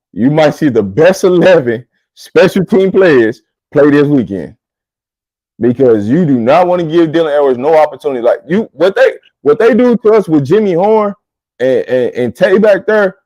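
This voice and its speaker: Dude hyping up special teams, kinda high but mellow, dry close sound. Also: male voice, no room sound, highs cut off. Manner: emphatic, coaching tone. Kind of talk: casual sports talk.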